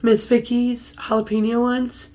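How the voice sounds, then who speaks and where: A giggly young woman co-hosting a casual talk show. Her voice sits a little high. She keeps her answers short and lets them trail off. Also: flat delivery, unhurried, mellow. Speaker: podcast co-host. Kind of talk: casual chat.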